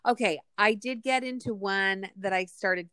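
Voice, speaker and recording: A woman in her forties chatting casually as a podcast co-host, agreeable and a little halting. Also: mid-range voice, sharp tone, clean tone, no echo, studio quality. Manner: agreeable, halting, many short backchannels. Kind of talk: casual chat.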